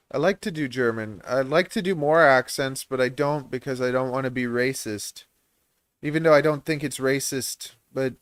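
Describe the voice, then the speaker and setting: A man's voice: medium pitch, smooth, dry recording. A man hosting a livestream, chatting in a rambling, self-deprecating way and laughing often. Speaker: livestream host and reptile breeder.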